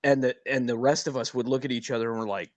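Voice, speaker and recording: Measured veteran guest, dry close sound. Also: male voice, medium pitch, little pitch movement, no room sound. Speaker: podcast guest, former platoon sergeant. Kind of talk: reflective conversation.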